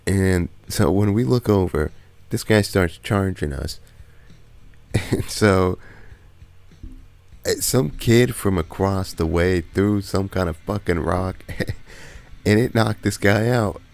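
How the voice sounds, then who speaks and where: A man's voice: sits low, takes it slowly, vocal fry, pauses often, darkish tone, faint music behind. A man vlogging a casual story in a slangy, laid-back way, laughing now and then as he talks.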